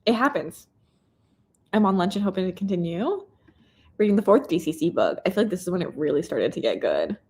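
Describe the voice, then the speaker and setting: A woman's voice: lowish voice, very animated, brisk, a little mellow. Bubbly Canadian woman chatting on a livestream. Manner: bubbly, chatty, reads viewer comments aloud. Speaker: booktuber reading chat host. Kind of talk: casual live-stream chat reading comments.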